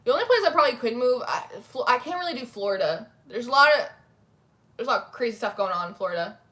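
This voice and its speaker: A woman's voice: on the high side, lively intonation, quick pace, pushed and bright. A young woman hosting a casual tarot livestream, chatting and reacting to viewer comments, with a lot of "like" in her talk. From New Jersey, USA. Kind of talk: casual chat reading live comments.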